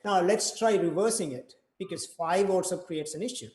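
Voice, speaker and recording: Man, percussion teacher, chants rhythm syllables, slightly high voice, roomy echo. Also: moderate pace, hardly any pauses, a little mellow, slight background noise. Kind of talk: online rhythm workshop.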